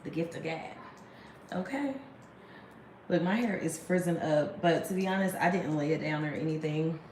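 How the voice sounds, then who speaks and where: Chatty low-voiced woman in her thirties. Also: moderate pace, darkish tone, echoey room, slight background noise. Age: 30s. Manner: chatty, laughing often, rambling asides. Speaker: vlogger. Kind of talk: casual chat to camera. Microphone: phone camera.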